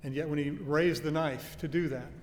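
A man with a slightly higher voice delivers an earnest teaching sermon and leans hard on key words. His voice rings through a church hall with a long reverb, and a faint low rumble sits underneath. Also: fairly even intonation, moderate pace. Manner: earnest teaching with emphatic stresses and homely anecdotes. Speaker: preacher. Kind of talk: expository sermon.

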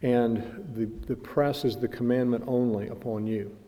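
Man preaching a sermon, mellow voice, earnest and emphatic, long echo of a big hall. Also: medium pitch, fairly even intonation, normal speed. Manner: earnest, builds to loud emphatic peaks when reading and quoting. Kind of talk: sermon with read-aloud passages.

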